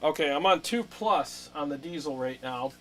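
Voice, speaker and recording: A man's voice: fairly high pitch, lively intonation, moderate pace, very noisy. A man hosting a live amp Q&A stream, talking casually and enthusiastically with many fillers and restarts. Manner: reads viewer comments aloud and laughs along.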